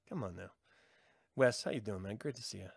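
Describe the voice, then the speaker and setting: A man's voice: a little slow, gravelly, breathy edge, dry recording, studio quality. A middle-aged man rambling and joking in casual chat with his live viewers, laughing often. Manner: animated, jumps in pitch. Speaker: livestream host.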